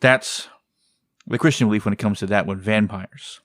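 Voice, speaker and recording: A man's voice: fairly low pitch, moderate pace, fairly bright tone, no echo. A man co-hosting a podcast, chatting casually and wandering off on tangents. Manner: rambling, tangential. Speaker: podcast co-host. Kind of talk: casual chat.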